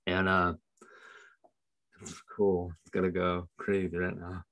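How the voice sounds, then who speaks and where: A man's voice: sits low, slow pace, pauses often. A man telling his personal testimony as a podcast guest, in a casual storytelling way, acting out the lines he quotes. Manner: storytelling, animated when quoting.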